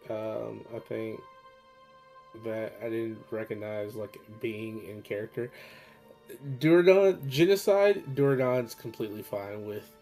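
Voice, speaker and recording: A man playing in a tabletop game, chatting after the session in a halting way, laughing and swearing. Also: lowish voice, level tone, creaky, a little mellow, faint music behind. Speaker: player.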